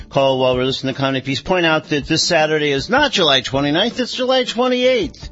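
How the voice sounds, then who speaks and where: Male radio host, lively pitch, measured, some fillers, soft music under a dull sound. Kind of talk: radio talk show hosting.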